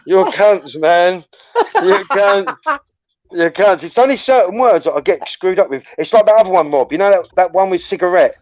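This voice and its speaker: A man's voice: sits high, lively intonation, a little fast, hardly any pauses, a little mellow, dry recording. A middle-aged man, chatting casually, swearing freely, stumbling over words and laughing often. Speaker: participant in a group voice chat. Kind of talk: casual banter. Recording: dry, dull lo-fi audio.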